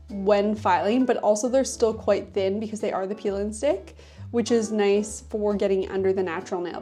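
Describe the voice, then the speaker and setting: Mellow-voiced chatty woman nail tech. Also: medium pitch. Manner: chatty and casual, with frequent fillers. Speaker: nail technician. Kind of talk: voice-over tutorial narration.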